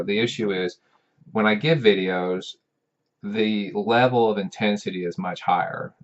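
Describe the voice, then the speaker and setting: Deep-voiced man giving rambling advice. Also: dull audio. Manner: rambling, repeats words, direct address. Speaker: professor. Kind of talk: casual talking-head advice.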